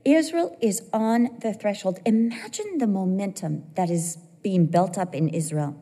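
A woman preaching a sermon, telling a personal story in an animated way with bursts of laughter. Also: mid-range voice, unhurried, slightly rough. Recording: long hall reverb.

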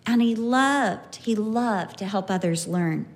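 A former kindergarten teacher, a woman, telling stories about her class in an animated way, acting out her pupils' voices. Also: mid-range voice, takes it slowly. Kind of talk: personal storytelling.

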